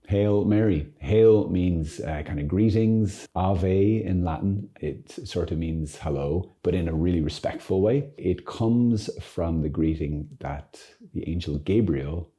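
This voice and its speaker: A male priest gives a casual teaching talk, playful and joking with sudden lively bursts. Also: low-pitched. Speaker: Catholic priest and friar.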